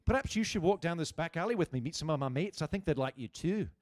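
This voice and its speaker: A gruff Scottish man whose friendliness comes out sounding like a threat, as a comedian puts on the voice. His tone sits low and ominous, with a slightly higher pitch than most men and a dry, close sound. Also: lively intonation, quick pace, no room sound, natural voice. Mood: ominous invitation. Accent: Scottish, put on.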